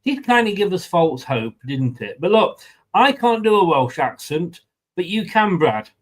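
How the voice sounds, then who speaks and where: A man's voice: high voice, very animated, a little slow. A man co-hosting a fan live stream, chatting casually and reading out viewer comments. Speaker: fan channel co-host.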